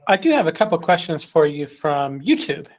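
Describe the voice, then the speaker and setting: Moderator reading out viewer questions, friendly and a bit halting, voice goes up and down a lot. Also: medium pitch, very animated. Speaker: webinar moderator.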